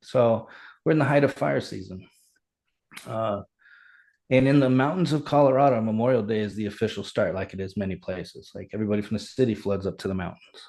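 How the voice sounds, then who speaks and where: A man's voice: lowish voice, brisk, gravelly. Earnest man telling a story. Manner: animated, earnest, reenacts dialogue. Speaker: fire chief, podcast guest. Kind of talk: conversational storytelling.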